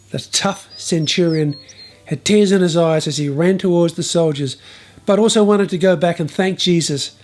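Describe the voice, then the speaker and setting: A man's voice: a little high, darkish tone. A man telling a bible story in a humorous style, with wry, playful asides.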